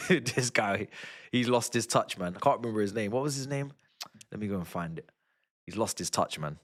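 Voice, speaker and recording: A young man, giving excitable and slangy live commentary as he watches a football match with his stream. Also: on the low side, normal speed. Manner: excitable, slangy, shouting at goals. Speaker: fan streamer.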